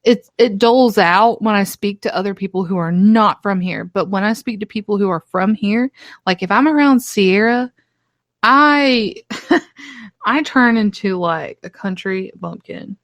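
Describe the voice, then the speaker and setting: A woman's voice: medium pitch, measured pace, no echo. Southern woman podcast co-host, giggly and chatty, mid-range voice, dead dry sound. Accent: Southern American. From North Carolina. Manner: giggly, switches accents, sings snatches of songs. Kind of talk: casual chat.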